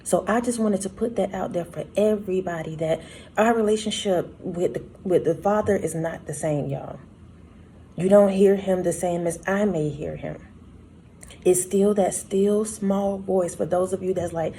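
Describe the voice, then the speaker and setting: A woman's voice: on the low side, unhurried, dark tone, slight background noise. A woman sharing a prophetic word in a casual, conversational way, speaking straight to her listeners. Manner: conversational, addresses listeners as y'all and baby. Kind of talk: casual spoken devotional.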